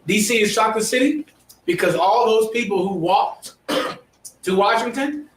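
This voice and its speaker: A man's voice: high-pitched, a little slow. A man teaching a history class, lecturing emphatically and quizzing his students. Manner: emphatic, preachy, asks the class questions. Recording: echoey room, mic far off.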